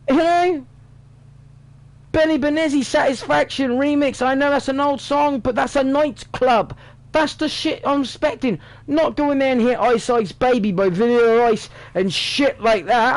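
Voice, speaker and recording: British man, 30s, vlogger; high, bouncy pitch, sweary sarcastic rant. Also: no room sound. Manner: sweary, sarcastic, animated ranting. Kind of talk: casual ranting monologue.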